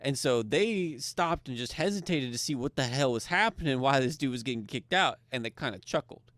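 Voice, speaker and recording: A man, co-hosting a podcast and telling a story in casual, profane, animated chat. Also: medium pitch, fairly quick, no room sound. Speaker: podcast co-host.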